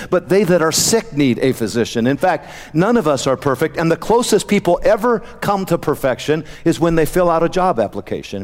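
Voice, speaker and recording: A man preaching a sermon as pastor, slowing down for emphatic scripture quotes. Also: fairly high pitch, darkish tone. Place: church sanctuary. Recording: church hall with long reverb.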